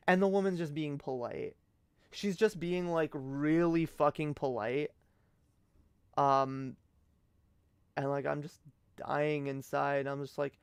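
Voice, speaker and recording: A man's voice: on the high side, normal speed, smooth, no room sound. Young man rambling on a late-night stream. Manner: rambling, profane, many restarts.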